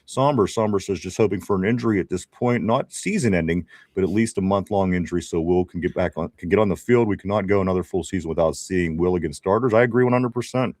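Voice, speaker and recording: A man's voice: low-pitched, fast talker, hardly any pauses, a little mellow, dry recording, studio quality. A man with a Pittsburgh accent hosting a casual sports talk show, reading viewer comments aloud, chatty, with frequent laughs and restarts. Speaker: podcast host reading live chat.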